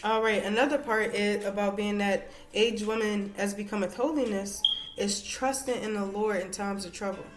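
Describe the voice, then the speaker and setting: A woman's voice: medium pitch, fairly even intonation, moderate pace, reverberant. A woman teaching women from scripture in a conversational way, reading verses aloud and checking in with "all right" and "okay". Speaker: women's Bible study teacher.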